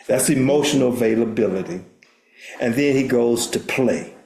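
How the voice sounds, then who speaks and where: A man's voice: medium pitch, moderate pace, warm tone. Older man, earnest storyteller, roomy sound. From United States. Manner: earnest, repeats words while restarting. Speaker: guest, therapist and minister. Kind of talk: storytelling interview. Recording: roomy echo.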